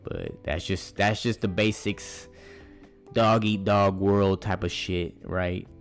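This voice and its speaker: A man's voice: sits low, steady tone, slow. A young man talks loosely into the mic, hosting his own podcast. He rambles, swears freely and drops slang every few words. A faint guitar plays underneath. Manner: rambling, profane, slangy, full of "bruh". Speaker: podcast host. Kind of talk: casual monologue storytelling.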